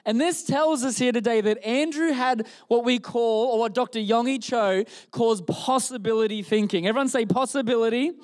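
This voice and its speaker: A male preacher giving a sermon in church, telling the story in an animated, joking way. His voice sits very high for a man. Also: normal speed, few pauses, clear, resonant tone.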